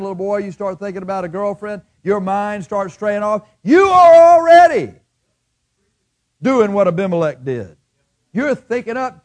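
A middle-aged pastor with a high-pitched voice preaches a sermon, swinging between loud bursts and hushed asides. He acts out the voices of his listeners.

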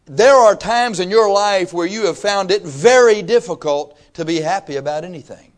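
A man's voice: high voice, moderate pace. A man, preaching a sermon in a folksy, conversational way with emphatic rising bursts. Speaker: pastor.

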